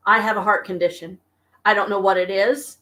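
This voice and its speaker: A woman's voice: medium pitch, steady tone, bright, forceful tone. Weary woman venting at home. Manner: weary, venting, slow and halting. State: exhausted and stressed. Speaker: vlogger talking to viewers. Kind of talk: casual live-stream chat. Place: home apartment.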